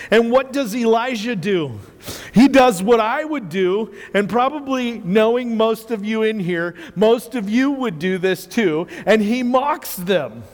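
Man, pastor, sermon, high voice, animated storytelling, long hall reverb. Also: measured pace. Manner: animated storytelling, acts out quotes, laughs often.

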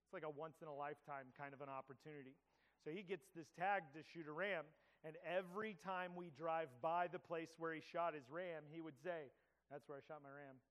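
A man preaching a sermon, telling a story in a conversational way with stumbling restarts, then dropping to hushed tones to pray. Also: a little high, big-room sound, rough recording. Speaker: pastor. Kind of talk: sermon with anecdote and prayer.

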